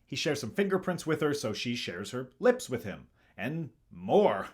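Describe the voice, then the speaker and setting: Wry man with a lively voice. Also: medium pitch, unhurried, background noise. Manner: sarcastic, wry asides. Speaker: host. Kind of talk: comedic movie review narration.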